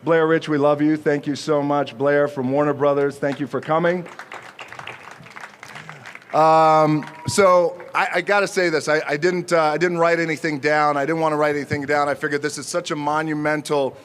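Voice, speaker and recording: A man in his forties speaks off the cuff at an outdoor honor ceremony, with a voice pitched slightly higher than most men's. He jokes easily and stumbles through plenty of fillers and restarts. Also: level tone, fairly bright tone, a faint crowd, a little hiss or hum. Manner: jokey, halting, speaks from the heart with many fillers. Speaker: honoree giving an acceptance speech. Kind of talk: unscripted ceremony speech. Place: outdoor ceremony before a crowd.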